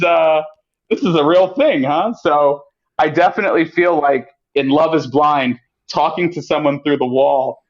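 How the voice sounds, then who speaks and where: A man guest on a podcast, chatting casually and acting out quotes in lively voices. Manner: animated, acts out quotes with pitch jumps. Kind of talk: casual storytelling chat. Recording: muffled lo-fi audio.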